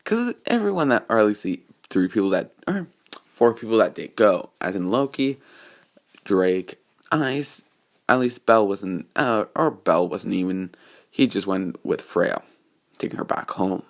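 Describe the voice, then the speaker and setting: A man's voice: on the low side, lively intonation, a little slow, creaky. A man casually retelling a fan-made story, meandering and full of restarts and filler.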